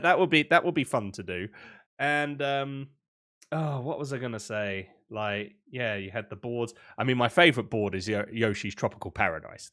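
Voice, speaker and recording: A young British man co-hosting a casual podcast, rambling with excitement and often laughing. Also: mid-range voice. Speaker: podcast co-host. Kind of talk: casual chat.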